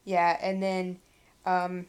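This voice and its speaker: A woman's voice: lowish voice, monotone, slow pace, clean tone. A woman co-hosting a podcast about a book, chatting casually and reading passages aloud. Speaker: podcast co-host. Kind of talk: casual book-club chat.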